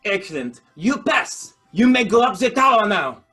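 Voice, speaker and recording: Improv player on a video call, high bright man's voice, playful mock-formal delivery. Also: very animated, normal speed, soft background music. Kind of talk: improvised comedy scene.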